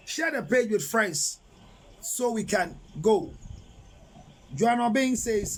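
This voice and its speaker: A Ghanaian man counseling on relationships in a live talk, animated and preachy, switching between English and Twi and reading out viewer comments. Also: high-pitched, unhurried, a little hiss or hum, poor audio. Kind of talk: live-streamed advice talk.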